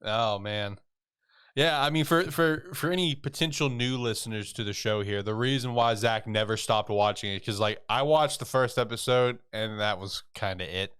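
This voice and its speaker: A man's voice: lowish voice, normal speed, a bit bright, clear, resonant tone. A man co-hosting a podcast, reacting with laid-back jokes in casual chat. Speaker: podcast co-host.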